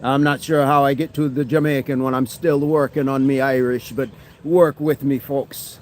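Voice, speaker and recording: A man's voice: mid-range voice, level tone, moderate pace, darkish tone. A man hosting a daily fitness livestream, chatting casually in a joking, rambling, self-mocking way.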